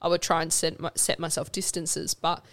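A woman talks casually as a podcast guest, rambling with fillers and laughing often. Her voice sits on the lower side for a woman. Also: little pitch movement, normal speed, a bit bright. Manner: chatty, laughing, frequent fillers. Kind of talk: casual interview chat.

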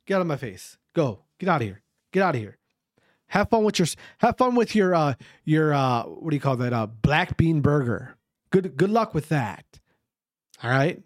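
A loud, gloating rich guy who sneers at everyone from his yacht, as a man puts him on. His voice runs high and pushy, taunting and profane, recorded close and dry with no room sound. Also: no room sound.

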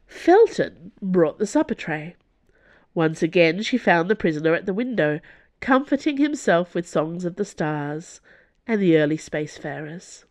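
A woman narrating a novel in a steady, even storytelling manner. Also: fairly low pitch, measured pace. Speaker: audiobook narrator. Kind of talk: scripted narration.

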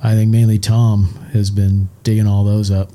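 A man's voice: lowish voice, flat delivery, normal speed, dark tone. A man co-hosting a casual chat show, rambling and enthusiastic as he talks. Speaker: co-host, show's chief engineer.

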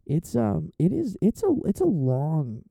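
Gravelly-voiced young man chatting loosely. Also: on the high side, wildly swooping pitch, dark tone, no echo, poor audio. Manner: laughs often, halting restarts. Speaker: podcast co-host. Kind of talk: casual chat among friends.

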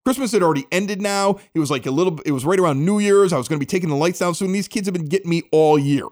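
A middle-aged man from the Chicago area hosting a local podcast, telling a story casually and acting out the quotes. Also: quick pace. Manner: animated, acts out quotes with big pitch jumps. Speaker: podcast host.

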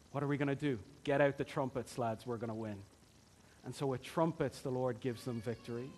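A male preacher delivering a sermon, retelling a Bible story and acting out its voices. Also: a little high.

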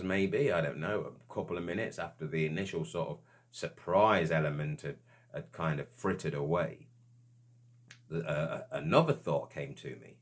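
A man telling a personal experience in a reflective, hesitant way, with frequent restarts and searching pauses. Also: sits low. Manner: earnest and searching. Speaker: storyteller.

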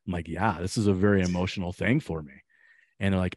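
A man's voice: low-pitched, fast talker, dry recording, studio quality. A man hosting a podcast, talking earnestly and acting out quotes as he tells stories. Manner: earnest, animated, acts out quotes. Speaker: podcast host. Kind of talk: casual podcast chat.

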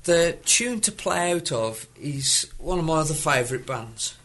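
A slightly hazy man, a podcast guest talking in halting, brief bits of casual chat. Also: fairly high pitch, expressive. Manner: hazy, halting, few words. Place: podcast studio. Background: loud music.

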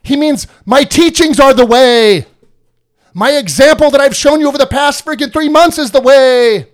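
Male podcast host, high-pitched and animated, slangy casual chat. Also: normal speed. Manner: animated, slangy, repetitive restarts.

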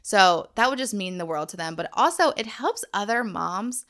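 Woman in her thirties, podcast host, bright tone, earnest, encouraging. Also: mid-range voice, animated, moderate pace. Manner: earnest, encouraging, faith-based. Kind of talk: casual solo podcast talk. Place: home.

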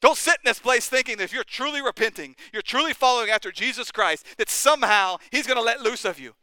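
A man's voice: extremely high pitch, fast, sharp tone, clear, resonant tone, no echo. A man preaching a sermon as pastor, impassioned and urgent, firing rising questions at the congregation.

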